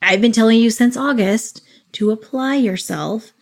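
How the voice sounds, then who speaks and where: A woman's voice: fairly high pitch, normal speed. A woman in her thirties co-hosting a casual podcast chat, candid and wry, swearing freely. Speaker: podcast co-host.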